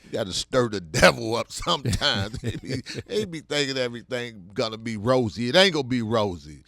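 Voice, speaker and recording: A man, talking like a preacher in conversation and rising to loud, emphatic bursts. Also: mid-range voice, lively intonation, fairly quick, creaky.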